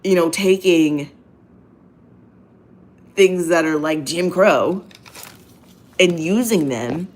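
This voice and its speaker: Blunt, profane woman with a low voice. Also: takes it slowly, long pauses. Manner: blunt, profane and emphatic, repeats phrases. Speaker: host. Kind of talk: casual monologue.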